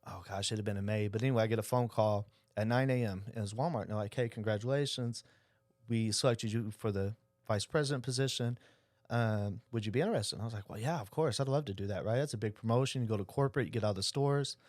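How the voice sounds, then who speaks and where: A middle-aged man, a podcast guest who tells stories in a lively way and acts out the dialogue. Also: on the low side, fast talker, no room sound, clean studio sound. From Oklahoma. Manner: animated storyteller acting out quoted dialogue. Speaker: insurance agency owner, guest. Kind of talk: casual storytelling interview.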